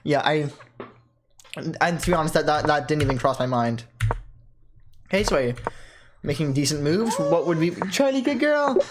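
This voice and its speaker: An excitable player talks through a chess game live at home in a mid-pitched voice, swinging between excitement and puzzled muttering, with background noise present. They think out loud about every move and correct themselves mid-sentence in this casual commentary on their own games.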